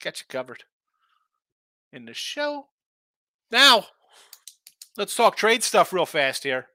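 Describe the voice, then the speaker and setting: A man's voice: high voice, big pitch swings, slow, pushed and bright, dry recording. A man hosting a sports betting show, talking casually and rambling through opinionated takes full of rhetorical questions.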